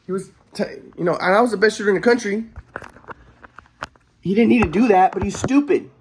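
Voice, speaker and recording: A fairly quick, slightly mellow high voice, with a little hiss or hum, belongs to a vlogger telling his own tale in an echoey room. He's agitated and foul-mouthed, restarting and repeating himself as he goes.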